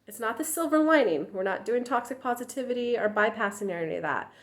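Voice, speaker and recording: A woman's voice: animated, quick pace. Candid woman coach acting out voices. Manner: candid, acts out quoted voices in a higher pitch. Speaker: relationship coach. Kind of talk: casual talk to viewers.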